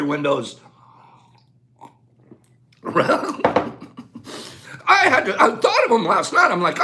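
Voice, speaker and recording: An older man with a strikingly high voice hosts a live stream, reading out viewers' answers in a quick, excitable stream. His pitch swings widely as he laughs and exclaims. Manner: excitable, laughs often, rattles off lists. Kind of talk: lively live-stream chat.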